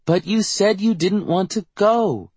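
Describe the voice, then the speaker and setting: Stubborn little girl, as a male narrator puts her on, high-pitched, husky edge, dry close sound. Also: unhurried, a little mellow, no echo. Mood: pleading. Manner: insistent, high and pleading.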